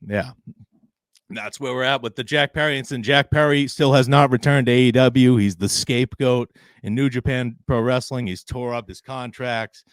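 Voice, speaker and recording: A man's voice: medium pitch, moderate pace, dry recording. A man co-hosting a wrestling podcast, retelling a backstage story in casual chat and laughing often as he quotes others. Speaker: podcast co-host.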